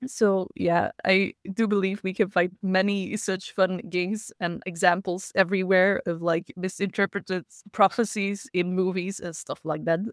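A woman's voice: lowish voice, little pitch movement, unhurried, few pauses, no echo, clean studio sound. A woman hosting a casual livestream talk, chatty and laughing often as she reads the chat. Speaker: host.

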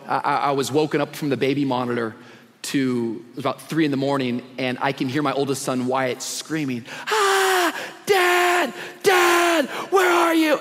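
A man in his thirties preaching a live sermon to a church congregation, casual and slangy but full of energy. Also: sits high. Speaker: guest pastor. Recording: long reverb of a big hall.

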